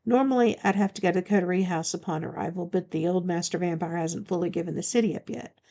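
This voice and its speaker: A woman's voice: on the low side, fast, mellow, close to an everyday voice. A woman reading the part of a blunt, commanding male shifter bodyguard in an audiobook, speaking firmly and matter-of-factly.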